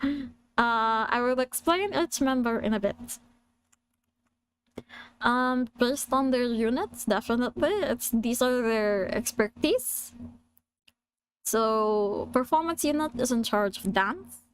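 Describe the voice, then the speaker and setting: A woman voicing a small mischievous alien creature in a put-on British accent, explaining slowly. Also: on the high side, smooth.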